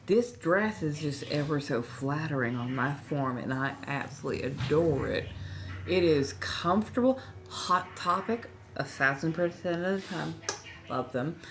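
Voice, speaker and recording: A woman in her forties from Southern California, with a Californian accent, hosts a casual livestream while slightly tipsy at a friend's house. Her voice is deep with lively intonation and a measured pace, and she chats and rambles over background noise.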